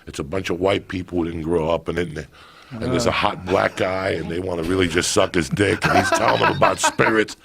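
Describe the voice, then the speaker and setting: A man in his fifties from a Cuban family, telling profane, animated stories as a podcast guest. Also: low-pitched, fairly quick, gravelly, heavy background noise. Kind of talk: casual storytelling.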